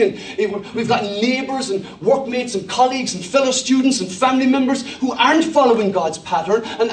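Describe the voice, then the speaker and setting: Brief: high-pitched Cork-accented Irish male pastor, humorous sermon, echoey hall. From Ireland. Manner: humorous, self-deprecating, storytelling. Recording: echoey church hall from a distance.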